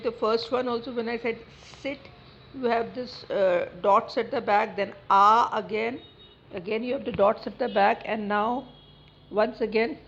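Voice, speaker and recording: A woman teaching a phonetics lesson, reading word lists slowly and deliberately with many fillers. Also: a little high. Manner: slow and deliberate, repeating words, many fillers. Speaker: English teacher. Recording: slightly dull recording with faint noise.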